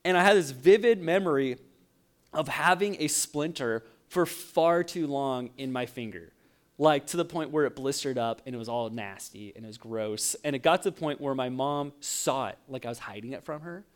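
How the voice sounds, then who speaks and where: A young adult man, a pastor, preaching a sermon with animated storytelling and frequent laughs. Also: medium pitch, normal speed.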